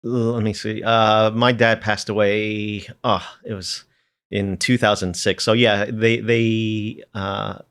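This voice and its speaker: Deep-voiced middle-aged man, rambling. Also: little pitch movement, slow pace, a bit bright, clear, resonant tone. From Philadelphia area, United States. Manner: rambling, many fillers, tags sentences with "there"; chuckles through his stories. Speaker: podcast guest, piano educator. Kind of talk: casual reminiscing conversation.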